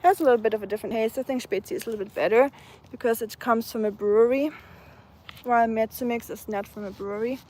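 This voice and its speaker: A woman's voice: a little high, quick pace, mellow. A woman in her twenties from Germany with a German accent, chatting casually on an outdoor live stream and reading out viewer comments. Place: outdoors, feeding stray cats.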